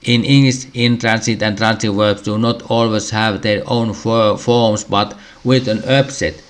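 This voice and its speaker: Male teacher, low-pitched, very slow and halting, reads lesson material aloud, frequent throat clearing. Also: fairly even intonation. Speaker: language teacher. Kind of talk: slow reading of a language lesson.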